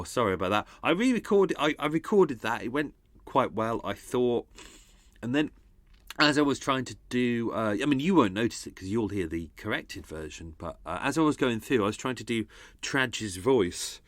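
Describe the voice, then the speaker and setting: A man hosting a true-crime podcast, narrating in a grave, measured way and chatting in a rambling, self-mocking manner. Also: medium pitch, animated, no echo. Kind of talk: scripted true-crime narration and casual chat.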